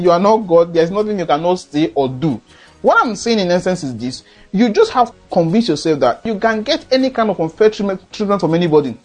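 A man's voice: high-pitched, a little mellow. A man with a Nigerian accent speaking earnestly in an advice monologue, lecturing his listeners. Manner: earnest, lecturing, acts out quoted dialogue. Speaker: motivational speaker.

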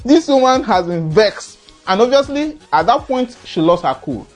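A man's voice: sits high, sing-song, normal speed, faint music behind. A man with a Nigerian accent speaking earnestly in an advice monologue, lecturing his listeners. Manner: earnest, lecturing, acts out quoted dialogue. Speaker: motivational speaker.

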